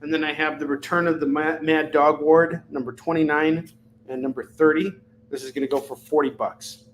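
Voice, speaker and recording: A man's voice: fairly high pitch, level tone, slight background noise, low-quality recording. A man hosting a live shopping stream, calling out items and prices in a chatty, joking way. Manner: chatty, jokey, rapid-fire price callouts. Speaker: live shopping show host. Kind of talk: live-stream selling chat.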